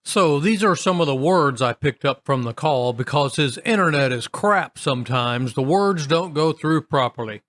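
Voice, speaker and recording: Man with a slightly high voice narrating stories. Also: expressive, normal speed, hardly any pauses, a bit bright. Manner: wry, chatty storytelling with comments. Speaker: story narrator. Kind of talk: casual reading of online stories.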